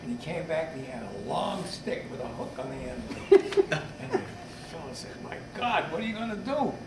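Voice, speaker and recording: Chuckling man in his nineties, lively voice. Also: sits high, moderate pace, creaky. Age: 90s. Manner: chuckling through his own joke. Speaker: birthday honoree. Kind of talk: telling a joke at a party. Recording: echoey hall, far mic, loud crowd noise.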